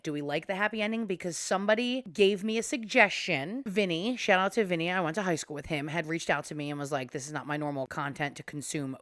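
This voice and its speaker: Young woman podcaster on a rant, cussing a lot, lowish voice, super dry close sound. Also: a bit bright, dry recording. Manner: ranting, heated, swears freely. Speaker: podcast host. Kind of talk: opinionated commentary podcast.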